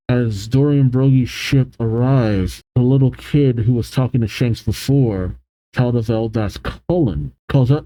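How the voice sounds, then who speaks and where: A man's voice: medium pitch, measured pace, dark tone, no room sound, low-quality recording. A man reading a manga aloud and reacting to it, switching between narration and amazed asides.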